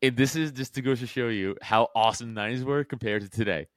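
A man's voice: mid-range voice, fast talker, a bit bright, no echo. Male podcast guest, dry recording, rambling profane talker. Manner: rambling, profane, filler-heavy. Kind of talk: casual chat.

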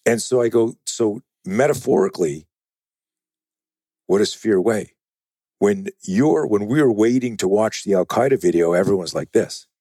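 Man, podcast guest, self-defense trainer, deep, husky, profane, animated storytelling, dry sound. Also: normal speed, dry recording. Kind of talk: casual podcast conversation.

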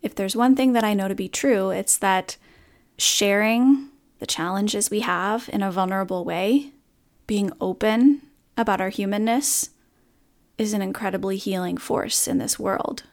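Speaking at a measured pace in a mid-range voice, this podcast host reflects aloud on a difficult morning. Her monologue is candid and earnest.

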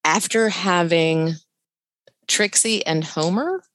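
A middle-aged woman telling a personal story in a lively way, laughing now and then. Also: on the low side, slow, no echo. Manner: animated, laughs while telling, voice jumps up on quotes. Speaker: guest telling her story. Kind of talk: conversational storytelling.

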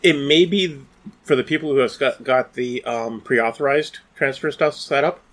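A man in his forties from Canada, co-hosting a podcast in casual, halting chat. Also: mid-range voice, a bit bright. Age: 40s. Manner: halting, full of restarts. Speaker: podcast co-host.

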